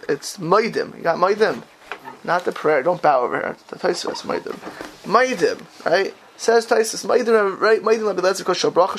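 Animated male teacher with a gravelly voice. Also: high voice, slight background noise. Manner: animated, quizzes students, dramatic exclamations. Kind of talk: classroom text study.

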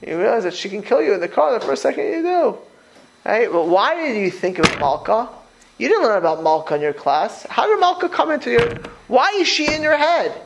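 A rabbi gives an informal Torah class, addressing listeners directly in an animated, conversational way, posing rhetorical questions and often restarting by repeating words. His voice is high-pitched with vocal fry, and the rough recording has slight background noise.

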